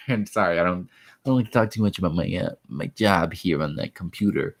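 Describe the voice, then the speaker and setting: Male, 20s, from Miami; low-ish voice, loose and chatty home-stream host. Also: moderate pace. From Miami, Florida. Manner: rambling, chatty, greets viewers by name. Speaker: host of a livestream. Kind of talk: casual livestream chat, reading viewer questions.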